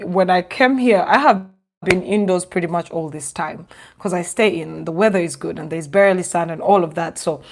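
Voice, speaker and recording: A young woman from Uganda, a vlogger giving sarcastic casual commentary with a lot of laughing. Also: medium pitch.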